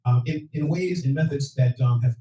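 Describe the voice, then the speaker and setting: A man's voice: medium pitch, moderate pace, warm tone. A man serving as police chief, reporting to residents at a town meeting in a folksy, joking way. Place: meeting hall. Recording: echoey hall from far off, noisy.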